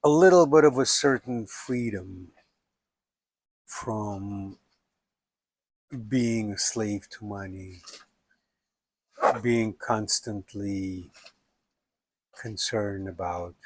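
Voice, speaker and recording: A man in his seventies from Russia, telling his life story in a musing, unhurried way. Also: lowish voice, darkish tone. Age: 70s. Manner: unhurried, musing, with frequent "you know" and "like". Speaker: documentary subject. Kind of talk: reflective personal storytelling.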